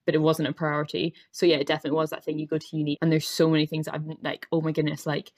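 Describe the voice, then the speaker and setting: A woman's voice: sits low, monotone, rapid-fire, a little mellow. A young Scottish woman chatting as a podcast guest, talking openly with lots of filler words. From Scotland. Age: young adult. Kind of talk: casual podcast chat.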